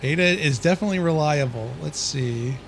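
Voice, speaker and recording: A man's voice: fairly high pitch, fairly quick, slight background noise. A man streaming a building game live, chatting casually, easily confused and answering his chat as he plays. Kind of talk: casual live gameplay commentary.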